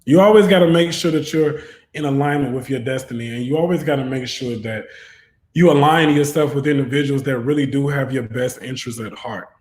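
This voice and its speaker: A man's voice: mid-range voice, a little fast, a little mellow. A man giving an online tarot reading who talks in a preachy, fervent way and often rises into exhortation. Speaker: tarot reader. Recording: roomy echo.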